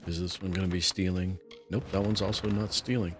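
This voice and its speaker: Low-voiced guy chatting through a game, laid back, faint music behind. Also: fairly quick. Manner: relaxed, musing aloud, chatty. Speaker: gameplay host. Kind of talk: let's play commentary.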